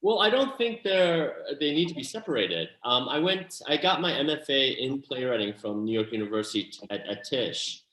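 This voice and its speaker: A man speaks as an interview guest, earnest and animated, often restarting his sentences and adding asides. His voice sits at an ordinary middle pitch. The room around him gives it a clear echo. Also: normal speed, hardly any pauses. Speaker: actor and playwright, interview guest. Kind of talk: candid interview answers.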